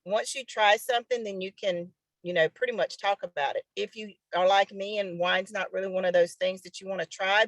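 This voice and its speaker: A woman runs an online sales training session, talking casually and encouraging her listeners. Her voice sits at an ordinary pitch for a woman. The recording is dry and close, with no room sound. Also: fairly bright tone, no echo. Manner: informal, coaching tone with fillers.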